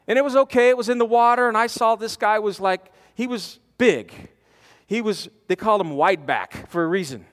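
A man preaching a storytelling sermon, animated, with stammering restarts, swinging from loud to hushed. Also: sits high, normal speed. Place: large conference hall. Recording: long reverb of a conference hall.

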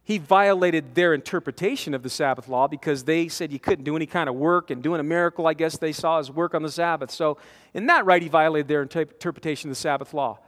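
A man in his forties preaching a conversational sermon to a men's conference, animated, acting out quotes and repeating words as he presses his points. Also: fairly high pitch, quick pace. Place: large conference hall. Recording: long hall reverb from a conference.

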